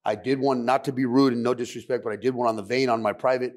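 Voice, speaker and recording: A man's voice: medium pitch, fairly even intonation, a little mellow. A middle-aged man telling his addiction recovery story on a podcast, blunt and profane. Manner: blunt, profane, fast and intense. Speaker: guest sharing recovery story.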